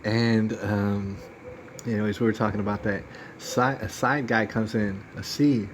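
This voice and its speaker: A man's voice: on the low side, fairly even intonation, unhurried, slight background noise. A man hosting a live stream, telling a story in a rambling, emphatic way and acting out what other people said. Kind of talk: casual storytelling rant.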